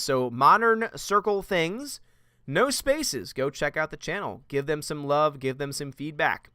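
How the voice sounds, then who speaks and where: A chatty male host on a casual livestream, reading out viewer comments and laughing often. His voice sits a touch high for a man and comes through smooth and clean. The sound is dry and close. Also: lively intonation, measured pace, sharp tone, no room sound.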